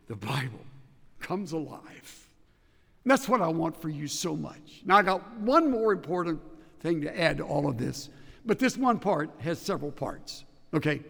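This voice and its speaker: Bible teacher, male, high gravelly voice, emphatic and hands-on, heard in a big reverberant hall. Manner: emphatic, animated, directs listeners step by step.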